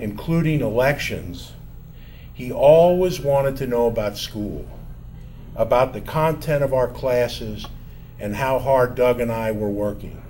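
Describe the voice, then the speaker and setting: An older man telling a personal story from his college years in a measured, wry, self-mocking way. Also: mid-range voice, darkish tone, slight background noise.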